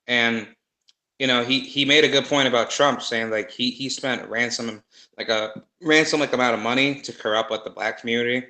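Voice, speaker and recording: A man in casual conversation, rambling and animated with many fillers and restarts. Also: medium pitch, moderate pace, echoey room, low-quality recording. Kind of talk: casual conspiracy chat.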